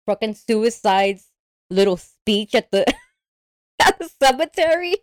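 Woman co-host, casual movie chat, lively swooping voice, dry close sound, laughs a lot. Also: slow pace, dry recording. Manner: animated, laughs often, acts out quotes in high voices. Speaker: podcast co-host.

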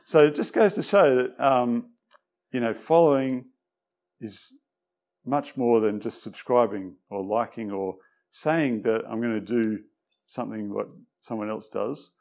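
Aussie male pastor, chatty and hesitant, mid pitch, drops quiet sometimes. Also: unhurried, vocal fry. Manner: relaxed, hesitant, many fillers; tends to drop quiet. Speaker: preacher. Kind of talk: conversational sermon. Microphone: microphone.

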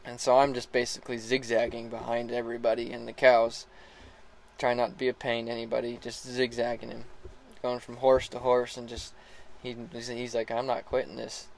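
A man's voice: mid-range voice, normal speed, creaky, poor audio. Easygoing man telling a riding story. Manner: relaxed, laughs often, restarts sentences. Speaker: horse rider starting a young colt. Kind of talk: casual spoken storytelling.

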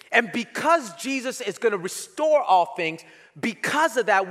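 Pastor, man, high voice, emphatic sermon delivery, long church-hall reverb. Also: fairly bright tone. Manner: emphatic preaching, repeats key phrases, leads the congregation.

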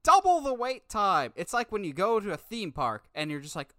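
A man co-hosting a casual movie news podcast, talking in an animated, exasperated way. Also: high-pitched, moderate pace, no room sound, clean studio sound. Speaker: podcast co-host.

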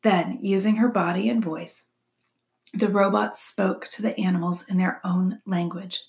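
A woman teacher reading a children's novel aloud to her class, with expressive, often hushed narration. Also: medium pitch, a little slow, creaky. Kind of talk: read-aloud storytelling.

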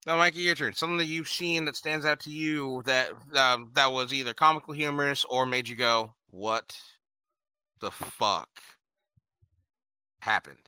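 A man's voice: a little high, a little fast, few pauses, smooth, no room sound. A man co-hosting a casual chat, telling profane stories and acting out the people in them. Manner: profane, animated storyteller doing voices. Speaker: podcast co-host.

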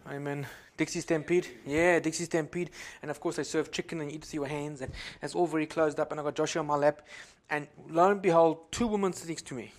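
A man from Africa preaching a sermon as pastor. He swings between loud exhortation and quiet asides and keeps saying amen and glory to God. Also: a little high, fairly even intonation, fast talker, few pauses.

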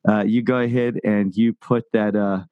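A man hosting a casual podcast, talking in a rambling, jokey way with plenty of uhs and false starts. His voice is on the low side, and the recording is dry and close with no room sound. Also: fairly even intonation, moderate pace, no echo, highs cut off. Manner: rambling, many fillers and restarts, jokey. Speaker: podcast host.

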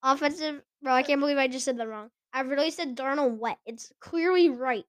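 Woman host, high voice, casual and giggly, often fumbles words, dry close sound. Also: a little fast, no room sound. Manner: chatty, giggly, stumbles over names. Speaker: podcast host. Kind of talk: casual sports chat.

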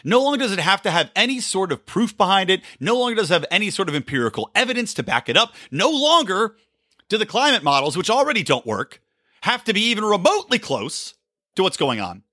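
Man, sarcastic political rant, bright lively voice, dry close sound. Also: high voice, quick pace, no room sound. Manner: ranting, sarcastic, swears freely. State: short on sleep. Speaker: podcast host. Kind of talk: solo political commentary.

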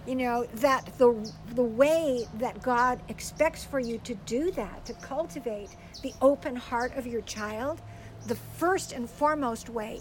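An older woman giving a gentle, earnest faith teaching to a group, tearful at times as she speaks. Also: on the high side, a little slow, a little hiss or hum, poor audio. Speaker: speaker teaching on prayer for children.

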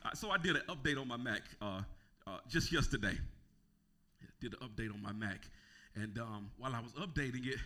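Bright-voiced preacher man. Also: medium pitch, brisk. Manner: call-and-response preaching that builds to shouting; repeats words and restarts phrases. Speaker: pastor. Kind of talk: sermon.

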